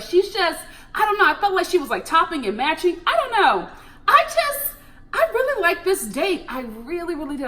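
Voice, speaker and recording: A young woman chatting animatedly through a TV recap, breaking into laughs and jumping high in pitch for emphasis. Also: a bit bright. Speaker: TV recap vlogger.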